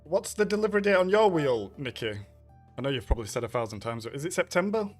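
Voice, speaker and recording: A man with a slightly higher voice talks casually through a racing game live stream. He chats easily, greeting viewers by name between laps. Game music and engine sounds play behind him. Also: sing-song, fast talker.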